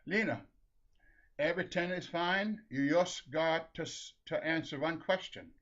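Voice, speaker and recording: A man voicing a kindly, patient Saint Peter with a Norwegian accent, speaking calmly and slowly. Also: a little high. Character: kindly male Saint Peter at heaven's gate. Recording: dull lo-fi recording.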